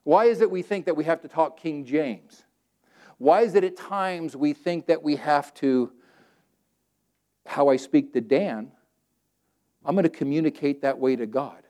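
A man from Southern California preaching a sermon in plain, everyday words. He is animated and conversational, and acts out scripture verses as he quotes them. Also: on the high side, a little slow, pauses often. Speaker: pastor.

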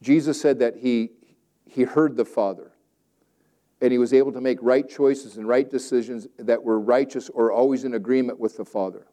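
A male pastor preaching a sermon, swinging between loud emphatic declarations and quiet, conversational asides. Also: mid-range voice, steady tone, moderate pace.

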